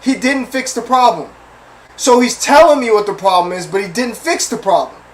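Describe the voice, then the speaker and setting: A man with a high-pitched voice hosts a casual talk show, telling a personal story straight to his listeners. He talks in a chatty, slangy way and keeps checking in with them. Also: normal speed, poor audio. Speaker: host.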